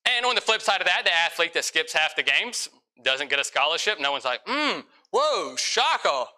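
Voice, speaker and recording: A young man preaching to a church congregation with a high, sharply bright voice. He is animated, playing out little exchanges with his listeners in quick changes of voice. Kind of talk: sermon.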